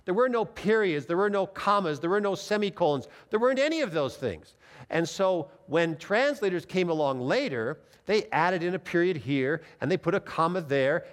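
A man preaching as a pastor, reading scripture aloud and explaining it in an emphatic teaching manner. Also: on the high side. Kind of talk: Bible teaching sermon.

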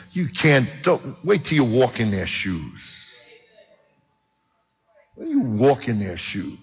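In a hall with long reverb and a dull recording, an older preacher from Brooklyn, New York tells his personal testimony and jokes with listeners. His mid-range voice is fairly bright with a breathy edge.

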